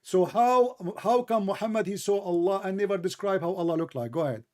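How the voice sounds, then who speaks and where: A man's voice: high-pitched, brisk. A man hosting a heated live debate, combative and insulting, repeating his demands and cutting in on the other speaker. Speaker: debate host.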